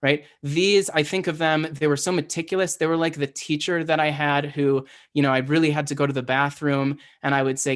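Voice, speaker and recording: A man's voice: fairly high pitch, little pitch movement, a little fast, few pauses, smooth. Chatty man teaching a lesson. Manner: conversational, self-correcting, asks "right?" often. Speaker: Hebrew teacher. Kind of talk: casual lecture.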